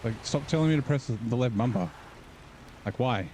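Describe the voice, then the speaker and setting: A man's voice: medium pitch, expressive, moderate pace, mellow, a little hiss or hum, poor audio. A man giving casual, rambling gameplay commentary and swearing now and then. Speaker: gaming channel host.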